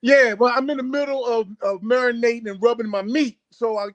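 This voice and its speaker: Joking man from Baltimore, high voice. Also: fairly even intonation, fairly quick, no echo, lo-fi sound. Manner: joking and playful. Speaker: guest.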